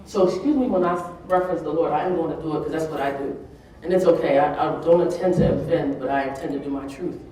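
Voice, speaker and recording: Woman, earnest conference speaker, booming hall echo, distant mic, faint room ambience. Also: fast, dark tone, slight background noise. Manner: earnest, tearful at moments, laughing asides. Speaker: keynote speaker. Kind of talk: emotional public speech. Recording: echoey hall, mic from far off.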